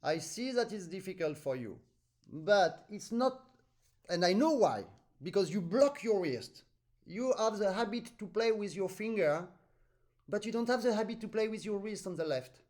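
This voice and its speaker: A French-accented man with a high voice gives an accordion master class over a video call. He is patient, explains with vivid everyday comparisons and sings out the rhythms he wants. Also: expressive, moderate pace, a little mellow. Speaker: accordion teacher.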